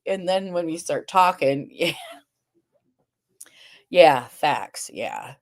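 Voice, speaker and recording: A woman with a deep voice hosts a live stream, speaking slowly but very animated. Groggy and sleepy, she chats casually and directly with viewers and the chat, rambling a little with fillers and restarts.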